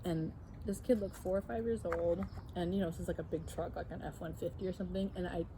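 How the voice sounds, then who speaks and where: Animated woman storyteller, noisy recording. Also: fast. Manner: animated, jumps up in pitch when acting out the story. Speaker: co-host. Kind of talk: casual storytelling chat.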